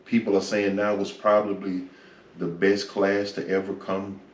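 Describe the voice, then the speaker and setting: Deep-voiced man telling his faith story. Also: monotone, a little slow. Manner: reflective storyteller, peppers talk with "man" and "you know". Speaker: interview guest. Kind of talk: personal faith testimony interview. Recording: echoey room, from far off, faint noise.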